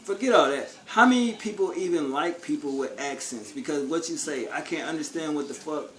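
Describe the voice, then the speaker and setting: A man's voice: a little high, expressive, brisk. A man vlogging a casual opinion rant, blunt and profane, full of street slang and rhetorical questions. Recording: echoey room with faint ambience.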